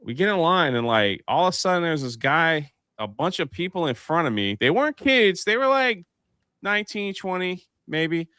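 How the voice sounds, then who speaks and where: A man hosts a live panel chat and tells his anecdotes with lots of life, acting out each voice along the way. His voice sits a little high and bright, swinging widely in pitch. The sound is close and dry. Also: very animated, moderate pace, smooth, dry recording. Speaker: live show host. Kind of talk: casual panel chat, storytelling.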